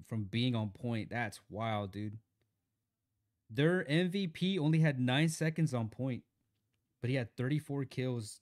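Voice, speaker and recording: A game streamer live-streams a mobile shooter, chatting casually and reacting to the match in a laid-back way, calling everyone "dude" and "bro." His voice is mid-range and a little mellow.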